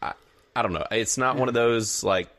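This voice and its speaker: A man in his thirties in casual chat, reviewing a film in a rambling, halting, hedging way. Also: mid-range voice, a bit bright. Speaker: podcast co-host, film reviewer.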